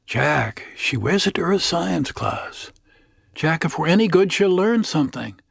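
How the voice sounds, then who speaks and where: A man's voice: on the high side, expressive, a little slow, creaky, breathy edge, dry recording, studio quality, full character voice. A man voicing an earnest, matter-of-fact young woman in her late twenties, an engineering student, in a told story.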